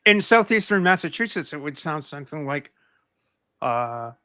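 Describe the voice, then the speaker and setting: An American man in casual podcast chat who explains things in a rambling, halting way. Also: high voice, lively intonation, crowd noise. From United States.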